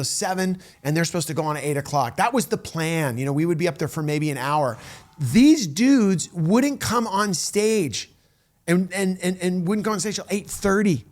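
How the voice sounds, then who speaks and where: A middle-aged man tells a story in a high, lively voice. He jumps between restarts and acts out quotes as he goes. His delivery is loose and casual. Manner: animated, full of restarts and acted-out quotes. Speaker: storyteller recounting a tour. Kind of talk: casual anecdote telling.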